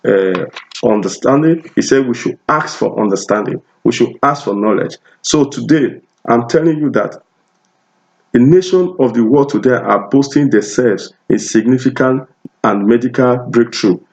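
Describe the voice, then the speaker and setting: A Nigerian pastor with a Nigerian accent preaches a sermon in a mid-range, darkish voice at normal speed. He is emphatic and repetitive, often restarting his phrases, and the recording is dull and lo-fi.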